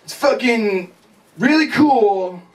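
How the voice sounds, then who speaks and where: A man's voice: extremely high pitch, animated, slow, distant mic, voice pushed up, exaggerated voice. A man doing the voice of an earnest young male hippie who drawls and keeps saying "man". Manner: drawling, says "man" a lot.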